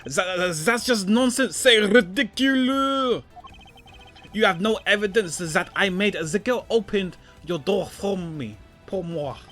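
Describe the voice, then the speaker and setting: A man's voice: high voice, moderate pace, few pauses, a bit bright, faint music behind. A man voicing a smug male suspect who sprinkles French words into his protests. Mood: indignant.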